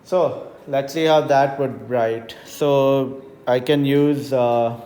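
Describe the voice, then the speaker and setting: Male tutor voice-over, unhurried step-by-step explainer, mellow tone. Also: medium pitch, steady tone. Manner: unhurried, explains step by step with frequent "right?" checks. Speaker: math teacher. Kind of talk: screen-recorded coding tutorial. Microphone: voice-over on tablet whiteboard recording.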